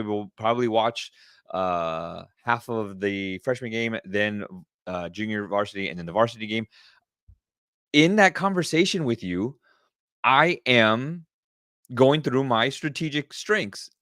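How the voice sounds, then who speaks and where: A middle-aged man hosting a casual solo podcast, talking with excited energy and often repeating himself. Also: on the low side, unhurried, smooth, dry recording, clean studio sound. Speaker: podcast host.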